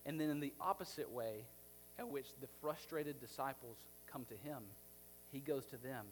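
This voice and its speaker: A man, a pastor, preaching a sermon in a conversational, animated way, acting out the scenes he describes. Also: medium pitch, moderate pace, faint music behind.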